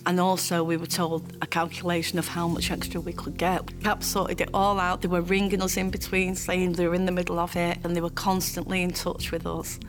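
A woman giving an emotional personal testimony, halting and tearful at times. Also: fairly low pitch, completely flat delivery, music in the background. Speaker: interviewee sharing her story.

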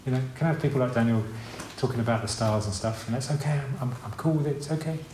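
Easygoing reassuring God, a preacher doing him, roomy hall. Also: male voice, mid-range voice, fast, a little hiss or hum, close to an everyday voice. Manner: casual, relaxed reassurance. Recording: roomy hall with faint ambience.

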